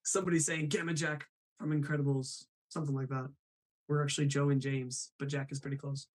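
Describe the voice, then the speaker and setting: A man's voice: mid-range voice, little pitch movement, a little fast, a little mellow, low-quality recording. A man hosting a live stream, chatting upbeat and reading viewer comments aloud. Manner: upbeat, laughs often, reads chat aloud. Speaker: host.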